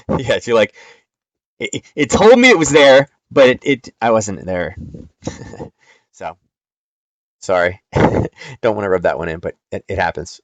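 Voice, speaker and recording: A man's voice: deep voice, fairly bright tone, no room sound. A man hosting a live trading stream, walking through charts in a chatty, step-by-step way with frequent ums.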